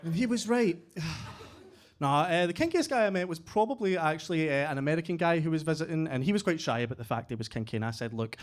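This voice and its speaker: A Glaswegian man in his thirties performing a crude, deadpan stand-up set in a basement comedy club. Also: fairly high pitch, quick pace. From Scotland. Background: audience laughter.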